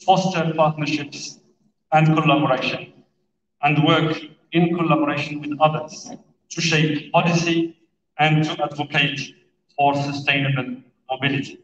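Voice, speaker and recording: A man delivering a formal, prepared opening speech at a conference, speaking in a measured and deliberate way. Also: fairly high pitch. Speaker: conference speaker for an international road federation. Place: large conference hall. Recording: echoey hall, distant and dull.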